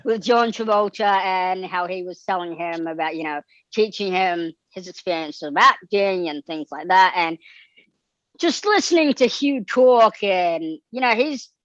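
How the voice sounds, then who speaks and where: A male guest raised in Australia, telling stories in a casual interview, animated and giddy, acting out quoted lines. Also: high-pitched, measured pace, dry recording, lo-fi sound.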